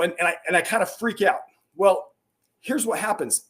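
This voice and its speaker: A man's voice: high-pitched, normal speed, a bit bright. Middle-aged guy guesting on a podcast, earnest and punchy, gets fired up in bursts. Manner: earnest and emphatic, with rising bursts of energy. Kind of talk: conversational interview storytelling.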